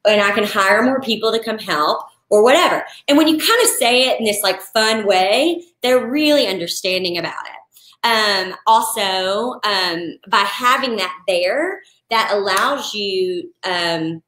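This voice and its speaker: A woman, a wedding florist, talking casually on a live stream and answering viewer questions in a chatty, animated way. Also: mid-range voice, a little slow, roomy sound. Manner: chatty, animated, acts out clients in quoted voices. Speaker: wedding florist and business coach.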